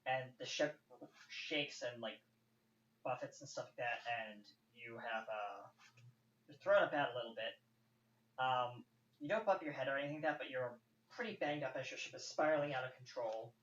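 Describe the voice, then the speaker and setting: A man's voice: medium pitch, normal speed, fairly bright tone, recorded from a distance. A man running a tabletop game as game master. He narrates casually and rambles, with many fillers. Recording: roomy, dull, faint hiss.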